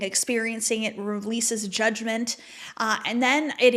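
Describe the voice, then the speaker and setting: Podcast guest; woman, slightly high voice, candid and reflective, conversational. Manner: candid, reflective, many "like" fillers. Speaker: podcast guest, manifestation mentor.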